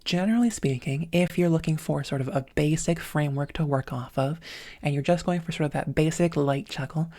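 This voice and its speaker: A woman teaching a voice lesson, with a thin, slightly smoky voice and a touch of vocal fry, talking methodically through each step. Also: sits low, a little fast, warm tone. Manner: methodical, breaking sounds into parts, with many "um"s. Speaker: voice training coach. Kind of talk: instructional voice lesson.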